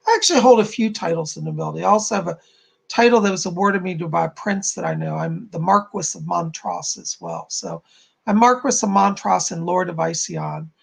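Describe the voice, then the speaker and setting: A man's voice: high-pitched, brisk, creaky, breathy edge. A man hosting a psychic live stream, chatting casually and bubbling over as he greets viewers by name and reads their comments.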